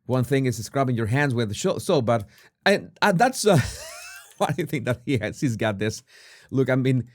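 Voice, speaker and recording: Halting, sarcastic male commentator. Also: medium pitch, big pitch swings. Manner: halting and sarcastic, full of restarts. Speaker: body language commentator. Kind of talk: casual video commentary.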